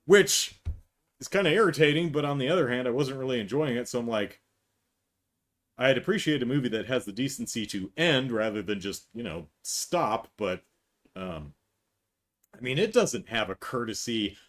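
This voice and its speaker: A man's voice: mid-range voice, animated, moderate pace. A middle-aged man hosting a podcast, talking through a film in a casual, sarcastic, exasperated monologue. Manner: exasperated, sarcastic, mocking acted quotes. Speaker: podcast host. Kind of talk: casual movie review monologue.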